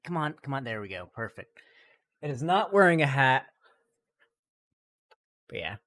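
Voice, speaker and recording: A man's voice: medium pitch, sing-song, normal speed, a bit bright. A young man live streaming late at night, bantering with chat in a profane, sarcastic, joking way from a room at home.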